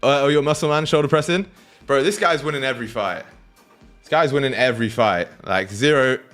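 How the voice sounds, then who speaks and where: A young British man chats casually with his livestream audience while trading, cracking jokes and swearing freely. His voice sits at an ordinary pitch for a man. Faint music plays underneath. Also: brisk, a bit bright. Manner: banters with chat, swears freely, laughs often. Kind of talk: casual livestream chat with viewers.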